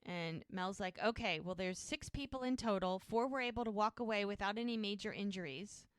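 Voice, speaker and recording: A woman co-hosting a rewatch podcast, chatting casually through the plot. She slips into animated character voices for the quotes. The sound is close and dry, with no room around her. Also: medium pitch, brisk, clean tone, no room sound. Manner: animated retelling, acts out character lines. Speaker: podcast co-host. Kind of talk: casual episode recap.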